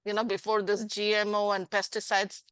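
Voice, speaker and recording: A woman life coach hosting a conversational interview, animated and acting out little scenes as she explains. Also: mid-range voice, normal speed, smooth, dry recording. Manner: animated, acts out little scenes with changing voices. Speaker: life coach and podcast host.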